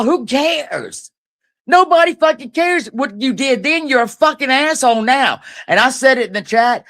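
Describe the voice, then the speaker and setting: A woman's voice: fairly high pitch, fairly bright tone. A woman ranting angrily on a livestream as a guest, profane, confrontational and taunting. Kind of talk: angry livestream rant.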